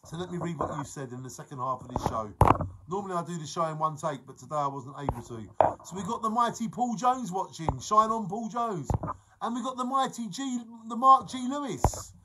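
A man's voice: high voice, animated, a little fast, heavy background noise. A man, chatting casually and jokily on his live stream and greeting viewers by name. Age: 40s. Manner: chatty, jokey, reads out viewer names.

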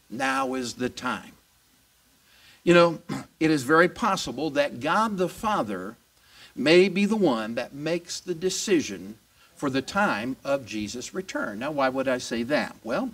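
Male pastor, slow animated sermon delivery, picked up from a distance. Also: on the high side. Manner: animated, emphatic preaching. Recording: voice distant from the mic.

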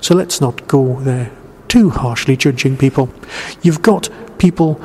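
Speaking in a mellow, medium-pitched voice at a measured pace, this podcast host talks through a review conversationally, raising his own questions and then answering them. The recording carries room echo and a little faint noise.

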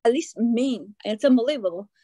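Lively excitable woman. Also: a little high, fairly quick, dry recording. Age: middle-aged. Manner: excitable, animated storytelling with acted-out quotes. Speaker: coaching client. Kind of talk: casual interview chat.

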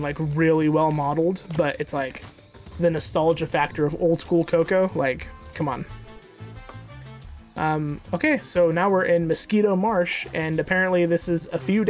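A gamer talks through a platform game in loose, casual commentary, cursing freely and hyping up their own skill. Quiet game music sits under the voice. Sudden excited yelps break up the running chatter. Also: medium pitch. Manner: profane, excitable, boastful trash talk with sudden outbursts. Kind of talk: casual let's-play commentary. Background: faint game music.

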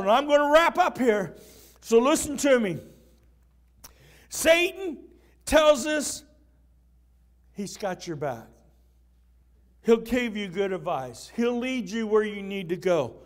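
A pastor preaching with a striking high-pitched voice. He builds his sermon with fervor and breaks into shouting at the big moments. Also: sing-song, slow pace, pauses often. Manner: impassioned preaching, shouting at peaks.

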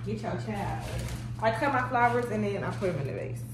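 In this noisy phone recording made at home, a young woman and new mother chats with viewers in her slangy vlog. She talks fairly quickly in a medium-pitched voice, lively and chatty, calling everyone y'all while holding the phone indoors.

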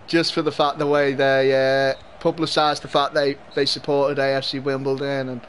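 This gaming streamer has a mid-range voice and a mild Liverpool Scouse accent, and he's a young man from Liverpool, England. He commentates live on a football video game, chatting with his viewers and laughing a lot, over a little hiss or hum.

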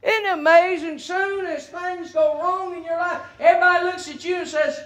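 A man preaching a sermon, stretching out scripture readings and rising to fervent shouts. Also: very high-pitched, fairly even intonation, moderate pace.

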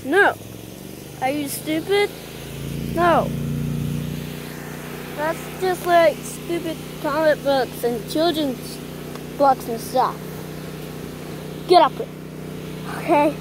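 A woman voicing a bossy, menacing male wolf creature, gruff and commanding. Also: high-pitched, slow, long pauses, noisy background.

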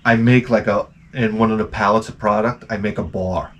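A man's voice: on the low side, fairly even intonation, a little fast, muffled recording, slight background noise. A man hosting his channel, rambling casually and comically, with frequent profanity. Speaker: channel host.

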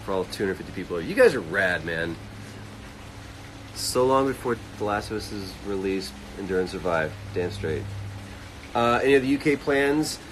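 A man hosting a casual livestream, reading fan comments aloud and answering them quickly. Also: low-pitched, animated, a little hiss or hum, low-quality recording. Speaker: livestream host answering chat. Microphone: phone livestream.

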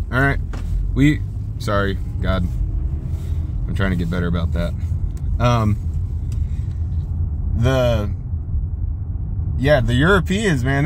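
A young man talks in a loose, rambling vlog style, swearing freely and poking fun at himself. His voice sits at a middle pitch. Faint car and traffic noise runs underneath. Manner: rambling, profane, self-deprecating. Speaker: vlogger. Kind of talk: casual vlog.

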